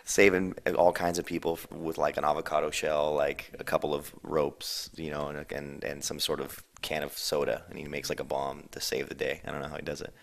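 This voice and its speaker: Young man, extremely low gravelly voice, laid-back rambling interviewee. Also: flat delivery, brisk, few pauses, a little hiss or hum. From San Diego, USA. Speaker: band member answering questions. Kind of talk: casual chat.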